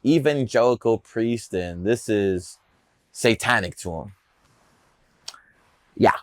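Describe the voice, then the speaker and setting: Brash, profane low-voiced man. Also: slow pace, no echo. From Cleveland area, USA. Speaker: numerologist guest. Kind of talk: casual podcast storytelling.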